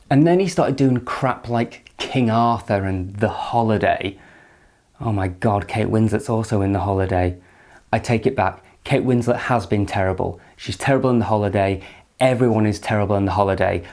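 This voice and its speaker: A man's voice: fairly low pitch, darkish tone. A man hosting a casual film review from his living room, with dry, sarcastic humour.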